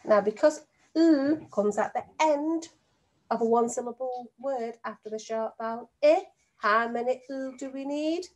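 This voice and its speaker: A woman teacher giving a recorded lesson from home to young children, speaking slowly and clearly and sounding out words syllable by syllable. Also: fairly high pitch, a little mellow. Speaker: primary school teacher.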